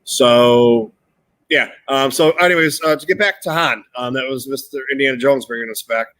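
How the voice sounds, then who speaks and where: A man's voice: medium pitch, normal speed, a bit bright, dry recording, soft background music, poor audio. A man co-hosting a casual live chat, rambling with lots of fillers and restarts. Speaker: co-host.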